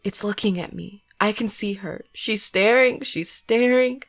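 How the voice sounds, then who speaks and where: A woman's voice: medium pitch, measured pace, pitched above the performer's own voice. A woman voicing a terrified teenage girl who is sobbing and pleading in a panic. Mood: hysterical.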